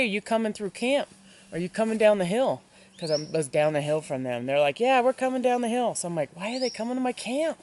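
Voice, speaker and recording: A woman's voice: deep voice, slight background noise. A woman backpacking alone, telling a story to camera in a casual, chatty way with many ums, outdoors at a forest campsite. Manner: chatty, many ums, acts out voices in retelling. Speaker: solo backpacking vlogger.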